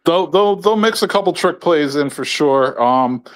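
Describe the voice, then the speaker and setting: A man's voice: on the high side, animated, measured pace. A man giving casual sports analysis on a podcast, thoughtful and hedging with fillers.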